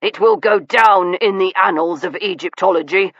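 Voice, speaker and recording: A woman's voice: fairly low pitch, moderate pace, a bit bright, no echo. A woman voicing a pompous, short-tempered baronet with an indignant, puffed-up manner, in a dull recording. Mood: blustering. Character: pompous blustering baronet, quick to anger.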